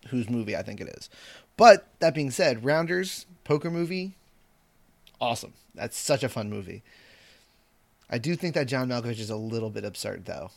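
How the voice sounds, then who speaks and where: A man in casual movie chat, giving relaxed, opinionated takes and agreeing easily with his friends. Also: mid-range voice, dry recording. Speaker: podcast co-host.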